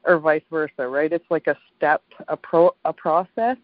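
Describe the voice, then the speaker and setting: Low-voiced chatty woman, dull dry sound. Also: steady tone, moderate pace, no room sound. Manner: chatty, reflective, laughs often, tag questions. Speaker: podcast co-host, author. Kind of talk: casual conversation.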